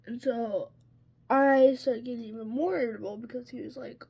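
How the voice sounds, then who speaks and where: A woman's voice: on the high side, fairly even intonation, normal speed, darkish tone, slightly rough. A woman vlogger telling a story in a casual chat while getting ready, full of "like" and "um" and sounding exasperated. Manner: chatty, peppered with "like" and "um".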